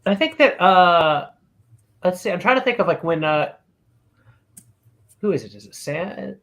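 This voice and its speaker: Brief: male co-host, joking, lively swings in pitch. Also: measured pace. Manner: joking, steers back to topic. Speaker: podcast co-host. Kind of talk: casual banter on a live podcast.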